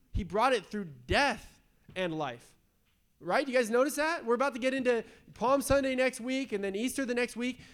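A young adult man, a pastor, preaching a casual, conversational sermon to his congregation, often checking in with "right?" and acting out the voices of people in the story. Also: high-pitched.

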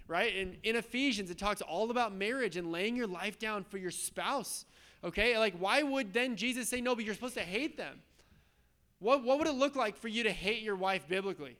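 With a high-pitched, slightly bright voice, a male pastor delivers a sermon in a conversational, emphatic manner. He keeps checking in with his audience, dropping in frequent "okay?" and "right?"

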